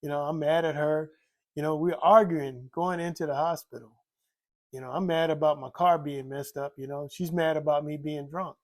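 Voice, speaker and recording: An older man telling the story of his recovery from alcohol in a rambling, candid way, repeating himself and filling pauses with "you know". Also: a little high, fairly even intonation. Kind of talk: candid personal testimony.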